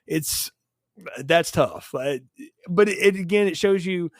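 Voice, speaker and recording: Give me an animated man with a high voice, riffing casually on a film review podcast. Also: slow pace, no echo, studio quality. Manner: animated, laughs often, tells anecdotes. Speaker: podcast co-host.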